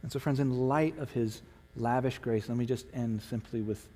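A man's voice: mid-range voice, normal speed, dark tone. Male pastor preaching, earnest and heartfelt, pushes up into fervent bits, long church reverb all around. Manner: earnest, emotional, rising to fervent emphasis. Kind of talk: sermon. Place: church sanctuary.

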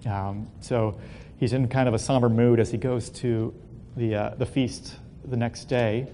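A man telling a Bible story as a relaxed, casual lesson, full of fillers and joking asides. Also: unhurried. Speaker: Bible teacher. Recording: long hall reverb, faint rumble.

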